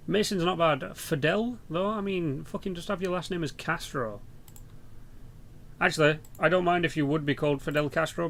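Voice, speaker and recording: A man's voice: a little high, a bit bright. A young British man rambling through casual, sweary game commentary as a channel host. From Britain.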